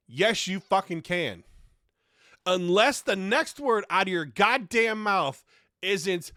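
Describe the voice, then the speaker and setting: A man hosts his own podcast and works through a profane, exasperated comedic rant. His voice sits high and bright, and it leaps up and down as he rails. The sound is close and dry, with no room echo. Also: takes it slowly. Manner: heavy swearing, exasperated and animated. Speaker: podcast host.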